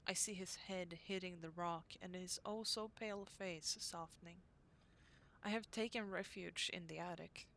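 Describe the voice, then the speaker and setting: A woman reading aloud the diary entries of a young woman devoted to her brother, in an earnest, unhurried way. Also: on the low side, steady tone, a bit bright, slight background noise. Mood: anxious.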